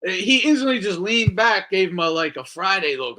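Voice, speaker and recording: A man talks on a casual podcast, slipping into quoted voices and cursing freely. His voice is bright and a little high, and it jumps widely in pitch as he gets worked up. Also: fairly quick. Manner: animated, swears a lot, acts out quoted voices. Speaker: podcast co-host.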